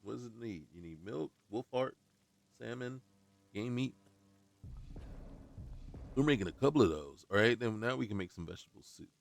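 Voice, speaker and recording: A man's voice: mid-range voice, animated, moderate pace, creaky, long pauses, a little hiss or hum. A man giving casual let's-play commentary, muttering to himself while looting and breaking into playful outbursts. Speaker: gaming YouTuber.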